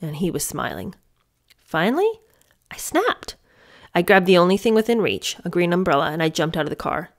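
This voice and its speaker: A woman reading aloud a memoir passage in the voice of a grieving young woman, lower and quieter than her own talk. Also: sing-song, fairly quick. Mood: subdued. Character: grieving young woman recalling a painful memory.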